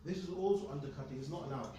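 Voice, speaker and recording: A man's voice: on the high side, racing, warm tone, slight background noise. A man teaching a religious lesson to students, emphatic and often checking in with "okay?". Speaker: Islamic studies teacher. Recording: echoey room, mic at a distance.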